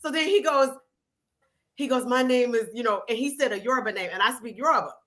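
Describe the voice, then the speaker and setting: A frank, lively woman telling stories in a casual chat, her voice bright and fairly high. She speaks openly and animatedly, quick to laugh. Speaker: guest. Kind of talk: casual storytelling.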